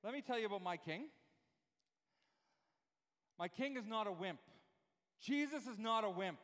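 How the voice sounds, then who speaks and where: High-voiced man preaching fervently in a hall. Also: lively intonation, normal speed, a bit bright. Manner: fervent preaching with repeated rhetorical questions. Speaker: pastor. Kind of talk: sermon. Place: church room with live audience, also streamed.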